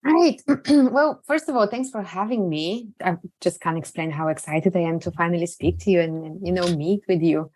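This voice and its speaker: A woman guest speaking on a remote podcast interview, earnest and reflective, with halting restarts. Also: on the low side, darkish tone.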